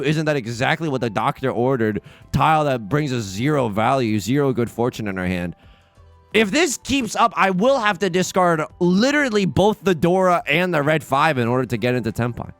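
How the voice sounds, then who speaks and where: A young man giving casual, excitable commentary on his own gameplay, talking to viewers and trash-talking opponents. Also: on the high side, fairly quick, creaky, dry recording. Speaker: let's play host. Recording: game music underneath.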